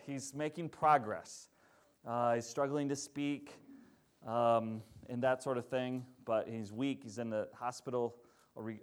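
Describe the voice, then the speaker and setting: A male pastor preaching a sermon in a conversational storytelling manner, asking the congregation questions along the way. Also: medium pitch.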